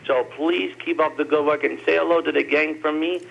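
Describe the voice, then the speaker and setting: An earnest man calls in from New Jersey, his voice gravelly and fry-laden. He speaks in formal, heartfelt well-wishes, and the phone line sounds muffled and lo-fi. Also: a little high, fairly even intonation, brisk. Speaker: caller. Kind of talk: phone-in call to a radio show.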